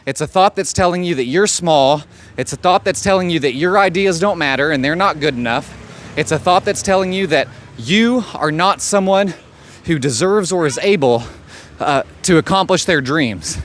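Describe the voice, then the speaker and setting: A man's voice: a little high, fairly bright tone. A man giving a blunt, profane motivational monologue as a life coach. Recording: faint street noise behind.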